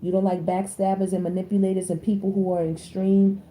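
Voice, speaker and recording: A woman, doing a casual tarot reading in a blunt, slangy and animated way. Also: fast talker. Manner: animated, slangy, blunt, with sudden high-pitched exclamations. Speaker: tarot reader.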